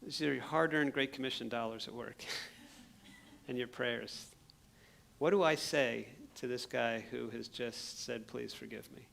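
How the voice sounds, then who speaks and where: A man, a missionary, telling an animated story from a church stage and acting out his own shouts. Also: medium pitch, unhurried, gravelly. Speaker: missionary speaker. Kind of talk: sermon storytelling. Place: church sanctuary.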